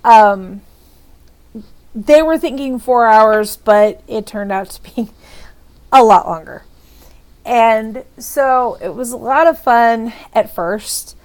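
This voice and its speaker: A woman's voice: a little high, takes it slowly, pauses often. Chatty woman telling a story. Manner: chatty, rambling, with frequent restarts and laughs. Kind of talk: casual storytime.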